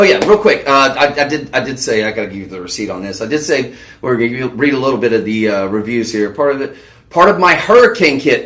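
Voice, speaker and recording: Male home-shopping host, rambling live pitch, mid-pitched voice, roomy studio. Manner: rambling, chatty, lots of fillers and restarts. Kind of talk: live on-air sales pitch.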